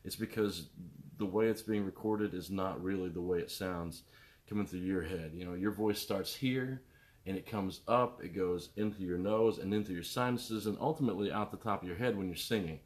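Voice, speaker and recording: A man's voice: low-pitched, normal speed. A middle-aged man, a musician, rambling casually to viewers on his live stream, greeting them by name and jumping between topics. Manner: animated, jumps between topics.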